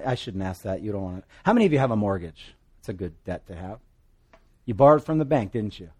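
A man from Hawaii with a Hawaiian accent, preaching a sermon with jokes and swings between loud and soft. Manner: animated, joking asides, pitch and volume swing widely. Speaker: pastor.

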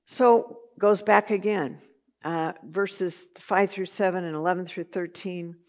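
A woman's voice: on the low side, measured pace. A woman teaching a Bible study lesson in a conversational way, with chatty asides and filler words.

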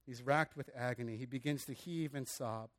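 A man's voice: mid-range voice, normal speed, fairly bright tone. A man preaching a sermon in an earnest, conversational way, often restarting his phrases and adding casual asides. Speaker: pastor.

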